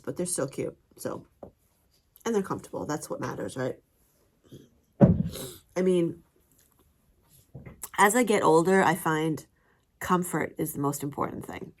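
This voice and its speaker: A middle-aged woman chatting casually to camera as a vlogger, rambling with fillers and laughing often. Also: on the low side.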